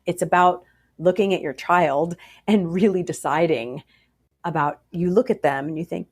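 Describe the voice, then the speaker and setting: A woman psychologist answering interview questions about parenting, animated and acting out the voices of parents and kids. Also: on the low side, moderate pace. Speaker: child psychologist guest.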